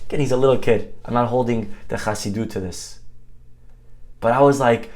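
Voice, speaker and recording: A man, a rabbi from Brooklyn, giving a sermon and telling a story with lively acted-out dialogue and frequent "okay?" asides. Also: mid-range voice, a little fast.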